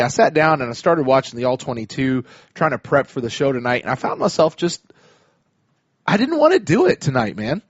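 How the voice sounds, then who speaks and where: A man's voice: medium pitch, no echo, highs cut off. A man hosting a casual sports podcast, chatty and full of restarts. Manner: chatty, many restarts and fillers. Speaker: podcast host.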